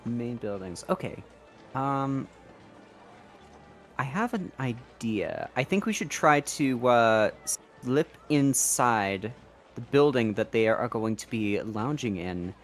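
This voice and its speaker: A man speaking as a player in a tabletop game, proposing plans in a relaxed, inclusive way. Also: medium pitch, slow, soft background music.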